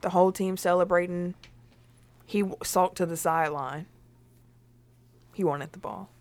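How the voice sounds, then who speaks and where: A woman's voice: fairly low pitch, steady tone, moderate pace, a little mellow. A woman hosting a casual sports chat, leading the topics and asking the others questions. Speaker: podcast host.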